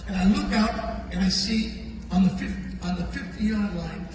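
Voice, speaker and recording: An older man, a guest entertainer, telling a story in an animated, chatty way and acting out the voices of the people in it. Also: high voice, normal speed. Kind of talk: storytelling anecdote. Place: large echoing tunnel venue. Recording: echoey hall from far off, with crowd.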